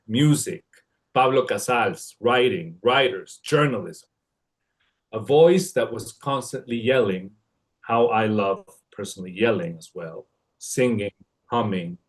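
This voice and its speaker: A man from Mexico joining by livestream to read a written tribute, hesitant at first, then steady and poetic. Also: fairly low pitch. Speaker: family friend giving a tribute. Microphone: livestream connection.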